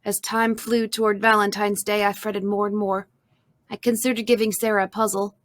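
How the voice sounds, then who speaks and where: A woman reading a children's storybook aloud, narrating softly and expressively in the first person. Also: medium pitch, flat delivery, moderate pace, no room sound.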